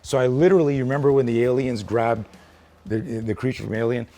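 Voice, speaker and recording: A man's voice: mid-range voice, steady tone, fast, mellow. A man teaching self-defense in a hands-on demonstration, blunt and emphatic with plenty of swearing.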